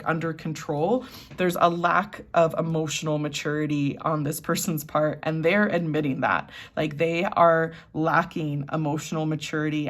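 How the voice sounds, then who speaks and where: A woman doing a casual tarot reading, chatty and giggly, with lots of "like". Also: deep voice. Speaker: tarot reader.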